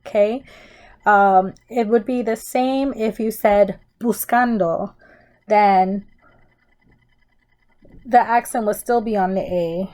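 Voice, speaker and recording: A woman's voice: mid-range voice, slow, long pauses, darkish tone. A woman teaching a Spanish grammar lesson in a recorded tutorial, explaining step by step and checking in with "okay?" as she goes.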